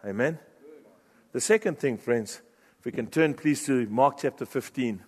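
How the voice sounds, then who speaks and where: A man preaching a sermon with passion, shifting from loud urgent bursts to hushed, low phrases. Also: normal speed, husky. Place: church hall. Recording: long reverb of a large hall.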